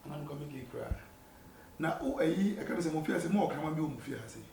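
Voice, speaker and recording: A man bantering loudly through a comedy skit, his voice fairly high for a man. He mixes English and Twi in bursts of excited chatter. The room around him is echoey, with a faint hiss under it. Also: fast, creaky, distant mic.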